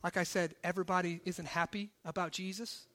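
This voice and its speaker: A male pastor preaching a sermon to his congregation, swinging between forceful emphasis and hushed low asides. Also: level tone, brisk. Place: church service.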